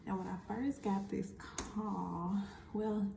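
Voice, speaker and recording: A woman talks to camera in a casual vlog, acting out the conversations she recounts. Her voice is gravelly and mellow. The room around her gives it a roomy echo. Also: mid-range voice, steady tone, slow, slight background noise. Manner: chatty storytelling, acting out quoted conversations. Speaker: vlogger.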